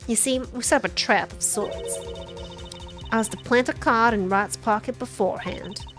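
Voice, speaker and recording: A woman's voice: a little high, moderate pace, fairly bright tone, soft background music, close to an everyday voice. A woman voicing a sly, boastful female card dealer with a put-on American Southern accent, reading a video game aloud. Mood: smug. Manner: boastful, theatrical.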